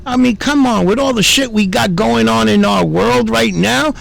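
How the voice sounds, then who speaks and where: A man's voice: very high-pitched, moderate pace, creaky. A man hosting a commentary video, ranting indignantly and cursing, often repeating himself. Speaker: commentary channel host.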